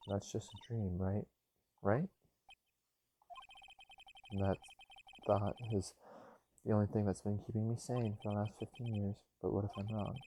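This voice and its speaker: A man's voice: fairly low pitch, mellow, slight background noise. A young man casually reading game dialogue aloud with offhand asides, recorded on an earbud mic.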